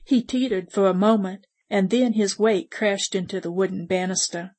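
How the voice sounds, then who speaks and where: A woman reading a western story aloud in the first person, with measured, steady storytelling. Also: medium pitch. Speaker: audiobook narrator. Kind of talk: scripted first-person narration.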